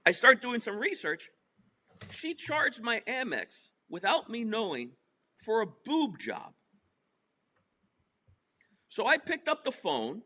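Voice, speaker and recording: A man's voice: extremely high pitch, sing-song, takes it slowly, long pauses, bright, forceful tone. A middle-aged man from New Jersey telling a story in a casual interview, emphatic and profane. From New Jersey / New York. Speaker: podcast guest.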